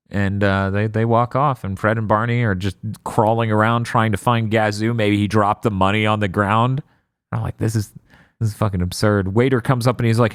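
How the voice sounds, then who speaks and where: A man co-hosting a casual podcast, recapping an episode with sardonic asides and quick put-on character lines. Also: lowish voice, fairly even intonation, clean tone, dry recording, studio quality.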